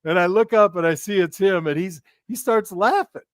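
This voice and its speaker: A man's voice: high-pitched, normal speed, no room sound. A middle-aged man, a former player, co-hosting a sports podcast and telling personal stories from his playing days. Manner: tells lively anecdotes, often acting out the voices of others. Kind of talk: casual sports podcast chat.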